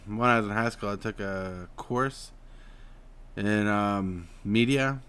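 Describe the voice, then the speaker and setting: A man from Utah in casual live-stream chat, explaining voice technique and swinging between a flat drawl and bursts of excited emphasis. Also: on the low side, clear, resonant tone. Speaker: streamer host.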